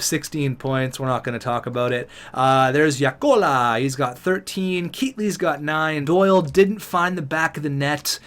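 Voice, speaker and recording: A man giving casual, excitable commentary over a hockey video game, chatty and upbeat as he talks through the results. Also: a little high. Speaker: gaming YouTuber.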